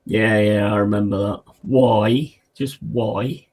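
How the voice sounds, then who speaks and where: A lowish, slightly mellow male voice, slow and fairly even in intonation, leads a football watch-along. Chatting casually and laddishly with his audience, he reads their messages aloud, replies, and comments on the match as it unfolds.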